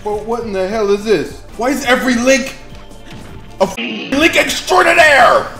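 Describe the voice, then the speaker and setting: A man giving excited gameplay commentary as a YouTuber, trash-talking and swearing, dropping to mutters and then bursting into shouts. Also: very high voice, measured pace, roomy sound, faint music behind. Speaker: gaming YouTuber.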